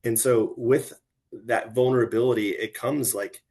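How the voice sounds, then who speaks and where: A man's voice: medium pitch, fairly even intonation, unhurried, darkish tone. A middle-aged man who is a podcast guest, speaking in an earnest, reflective way with frequent "like" and "right?". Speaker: guest, retired military officer. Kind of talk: podcast conversation.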